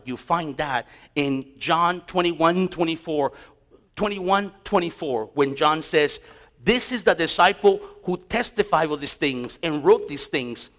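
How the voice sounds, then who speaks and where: A man teaching a Bible class as a pastor, telling stories with animated storytelling and acting out encounters. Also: a little high. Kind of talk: sermon.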